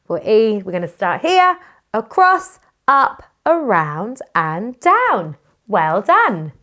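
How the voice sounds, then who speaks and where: A woman's voice: mid-range voice, very animated, bright, forceful tone. Sing-song British woman teaching phonics. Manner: sing-song, encouraging, slow and exaggerated for young children. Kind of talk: children's phonics lesson.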